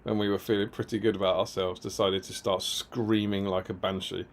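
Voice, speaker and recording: Lower-voiced man, dry teasing banter. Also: level tone, fairly quick, a little hiss or hum. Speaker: co-host. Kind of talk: casual live-stream chat.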